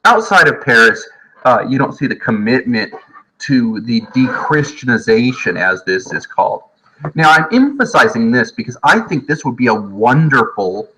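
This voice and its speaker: A man teaching history from home in a casual, jokey lecture, often slipping into quick voices of historical people. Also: medium pitch, pushed and bright, rough recording.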